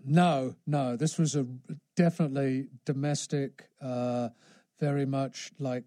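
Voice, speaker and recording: A man who is a radio host, talking in an easygoing, halting, reflective way. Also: medium pitch, steady tone, warm tone, no echo. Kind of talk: casual radio conversation.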